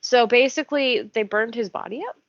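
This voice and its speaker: A woman's voice: fairly high pitch, a little fast, creaky, no echo. A woman reads a character profile on a casual podcast, stopping between fields for joking comments. The recording is dry and a little muffled, with no room sound. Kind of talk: casual chat. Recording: dull, dry podcast audio.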